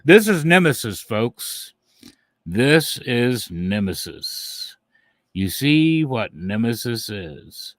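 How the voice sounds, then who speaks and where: Low, slow, mocking male streamer. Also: fairly bright tone, dry recording. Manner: mocking, taunting, chuckling. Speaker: channel host. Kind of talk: live stream commentary to viewers.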